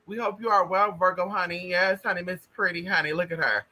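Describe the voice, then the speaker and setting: Flamboyant high-voiced man calling everyone honey. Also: brisk, few pauses, sharp tone. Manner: profane and blunt. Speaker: livestream host. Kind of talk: casual livestream chat greeting viewers.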